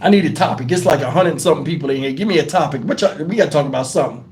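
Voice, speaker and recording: A man's voice: a little high, racing, a little mellow, a little hiss or hum. A middle-aged man hosting a live stream, talking bluntly and profanely and sounding shaken as he answers his chat. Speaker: livestream host. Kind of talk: casual livestream talk.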